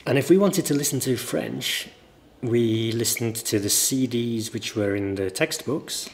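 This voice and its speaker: A man with a mild northern English accent, a teacher giving a relaxed guest interview and telling stories thoughtfully at length. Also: medium pitch, measured pace, a little hiss or hum. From northern England. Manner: thoughtful, anecdotal, explains at length.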